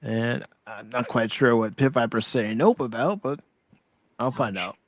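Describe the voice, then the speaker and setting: A man's voice: mid-range voice, unhurried, no echo. Easygoing man hosting a casual stream. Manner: easygoing, relaxed, restarts often. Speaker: host of a pop culture livestream. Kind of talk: casual chat, reading out viewer votes.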